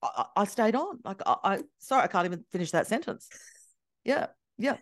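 An Australian woman, a podcast guest, telling animated stories with many restarts. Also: mid-range voice, fairly quick, dry recording, clean studio sound. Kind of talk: conversational interview.

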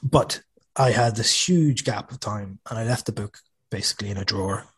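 A man's voice: lowish voice, normal speed, a bit bright, breathy edge. A man, an author talking casually as an interview guest, chatty and self-deprecating with lots of restarts. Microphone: studio podcast microphone.

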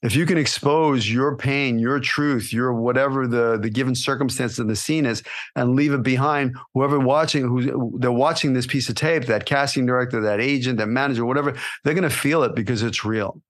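A man delivers a motivational monologue to aspiring actors on his podcast. His voice sits at a middling pitch, and he coaches with energy, pushing his listeners and checking in with a "right?" after his points. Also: fairly quick. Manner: energetic, coaching, repeats "right?" and "you know". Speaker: podcast host and acting coach.

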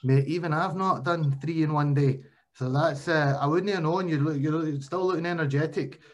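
A man's voice: on the high side, normal speed. A man with a Glaswegian accent hosting a casual podcast interview, chatty and repeating his phrases. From Scotland. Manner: chatty, repeats phrases, calls guest mate. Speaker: podcast host.

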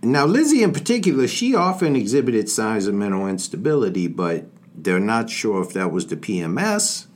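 A man with a lowish voice speaking at normal speed co-hosts a true-crime podcast. He's a lively, jokey storyteller who rambles his way through the case.

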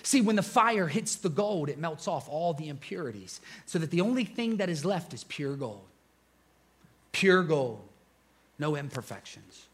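A man preaching a sermon, telling his story with animated energy and dropping to a hushed intensity. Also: fairly high pitch, measured pace, breathy edge.

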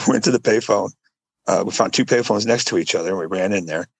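Man in his forties, gravelly, husky, dry close sound, rambling storyteller, casual podcast chat. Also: fast talker, no room sound, poor audio. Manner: rambling storyteller, acts out quotes in a high voice. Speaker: podcast co-host.

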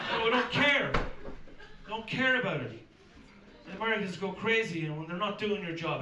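A man with an Irish accent performs stand-up in a live club, loud and animated, throwing in impressions. His voice sits high and swings all over the place. The recording is roomy and distant, with loud noise underneath. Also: fairly quick. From west of Ireland. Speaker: stand-up comedian. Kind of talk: stand-up routine. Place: comedy club stage.

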